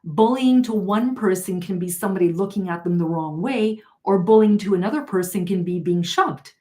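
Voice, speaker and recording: A woman's voice: medium pitch, animated, moderate pace, a little mellow. Chatty woman hosting a tarot live stream. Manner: chatty, laughs often, many fillers and restarts. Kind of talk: casual storytelling while reading viewer comments.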